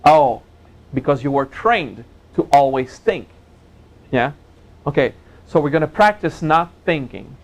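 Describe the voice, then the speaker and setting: A man teaching a spiritual seminar in a gentle, playful way, joking with his audience and laughing at his own jokes. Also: fairly high pitch, lively intonation, unhurried, poor audio. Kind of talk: relaxed seminar talk.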